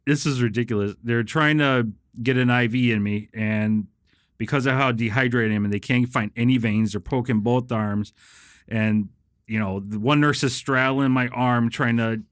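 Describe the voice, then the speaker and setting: A man's voice: medium pitch, steady tone, normal speed, clear, resonant tone, dry recording, studio quality. Laughing, swearing man telling a story. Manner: profane, laughing, acts out quoted people. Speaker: guest. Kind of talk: casual comedic storytelling.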